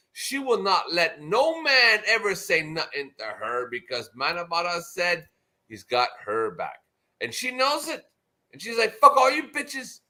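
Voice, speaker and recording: A man's voice: high-pitched, bright, forceful tone. A drunk man hosting a casual livestream chat, rambling and swearing constantly with slurred words. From United States. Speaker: livestream host.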